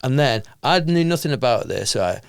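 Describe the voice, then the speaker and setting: Lively comedian telling stories. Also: male voice, normal speed, creaky, dry recording, clean studio sound. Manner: animated storyteller, jumps into high acted voices. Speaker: comedian and compere. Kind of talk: casual podcast chat, telling stories.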